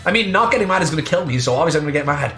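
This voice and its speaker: A woman's voice: deep voice, expressive, very fast, a bit bright, soft background music. A woman commenting sarcastically and profanely on a voice-acted game playthrough, recorded with a roomy echo at home. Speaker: let's-play host.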